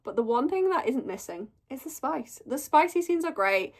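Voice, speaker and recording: A woman's voice: high voice, big pitch swings, moderate pace. A young woman chatting casually through a monthly reading wrap-up, gushing and storytelling with lots of "like". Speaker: book reviewer.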